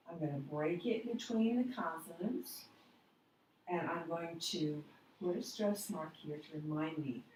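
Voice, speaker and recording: A woman teaches phonics in a slow, careful way, spelling words out one letter at a time. Her voice sits a little low and sounds far from the mic in a very echoey room with faint background noise. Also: a little mellow. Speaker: reading teacher. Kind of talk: phonics lesson at a board.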